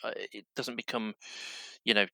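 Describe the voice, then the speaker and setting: A man hosting a podcast, speaking casually in halting starts and restarts. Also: fairly low pitch, level tone, vocal fry, dry recording. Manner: halting, restarts often, warm interjections. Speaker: podcast host. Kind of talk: casual conversational interview.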